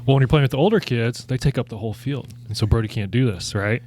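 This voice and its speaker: A man's voice: medium pitch, fast, darkish tone. A man co-hosting a podcast, telling a long rambling family story in casual chat and laughing as he goes. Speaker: podcast co-host.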